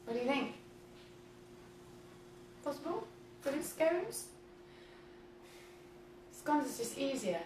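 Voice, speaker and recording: Chatty high-voiced woman baking. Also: sing-song, slow, pauses often, background noise. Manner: chatty, giggly, reads viewer comments aloud. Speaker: host of a home cooking livestream. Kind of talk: casual livestream chat while baking. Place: home kitchen, indoors. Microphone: camera mic at a distance. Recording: roomy kitchen from a distant mic.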